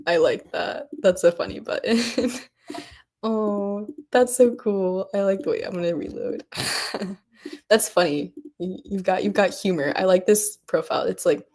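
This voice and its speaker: A woman's voice: mid-range voice, a little slow, a little mellow. A woman hosting a coding workshop on a livestream, chatting casually and gushing over what she sees with lots of giggles and "oh my God.". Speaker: workshop host.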